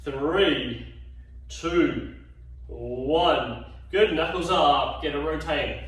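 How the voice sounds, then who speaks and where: Very slow and a bit bright, with a voice on the high side, a male fitness instructor guides a home exercise session. He's tired and yawning, still talkative and encouraging through the rep counts, recorded from afar in a very echoey space.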